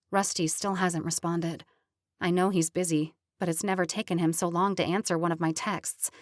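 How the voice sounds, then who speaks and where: A woman narrating a romantic comedy audiobook in the first person, lively and chatty. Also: on the low side, no echo, studio quality.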